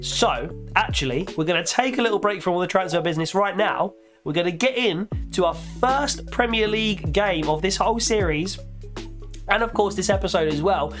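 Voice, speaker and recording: Guy yapping over a footy game, voice kinda worn, bit high, music faint behind. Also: normal speed. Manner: chatty, jokey, excitable play-by-play. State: strained voice. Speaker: gaming YouTuber. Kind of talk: casual gameplay commentary.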